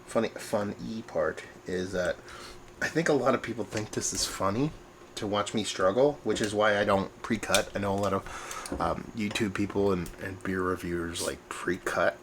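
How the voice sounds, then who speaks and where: A man with a lowish voice speaks at a moderate pace while background noise carries on behind him. He's the host and beer reviewer of his own vlog, shot indoors at home, and he's animated, chatty, rambling and self-deprecating.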